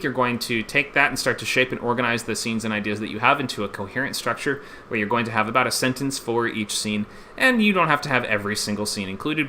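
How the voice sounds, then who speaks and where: A man's voice: on the low side, bright, forceful tone, slight background noise. A man hosting a live-streamed online screenwriting class, upbeat and chatty and laughing often.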